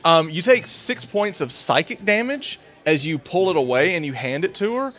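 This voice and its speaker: A man's voice: a little high, sing-song, moderate pace, a bit bright. A man narrating a tabletop game as game master, in a casual, rambling way. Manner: casual, rambling with fillers and restarts.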